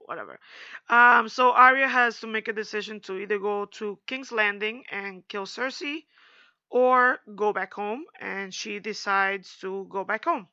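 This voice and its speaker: A young woman chatting casually in a slangy, animated recap, acting out quotes as she goes. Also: mid-range voice, a little slow, smooth, no room sound, highs cut off.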